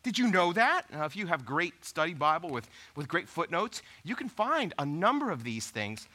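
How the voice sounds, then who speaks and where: Animated man preaching. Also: on the high side, normal speed. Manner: animated, conversational preaching with rhetorical questions. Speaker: pastor. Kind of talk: sermon.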